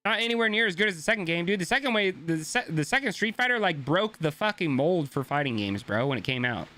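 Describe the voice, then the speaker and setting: Bright, high-voiced ranting male streamer. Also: expressive, fast. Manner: profane, ranting, talks to chat. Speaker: gaming streamer. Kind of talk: casual chat.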